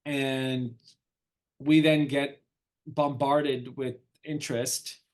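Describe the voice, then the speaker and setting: A man's voice: medium pitch, extremely slow. A middle-aged man, an entrepreneur guest in an interview, telling a story casually and acting out the dialogue. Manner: animated storyteller, acts out quoted dialogue.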